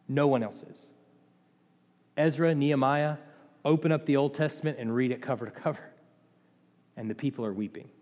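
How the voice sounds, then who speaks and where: A man preaching a sermon as pastor, passionate, rising to loud emphatic peaks and dropping to low, quiet asides. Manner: impassioned, swings between loud and quiet. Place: church sanctuary. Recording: long hall reverb.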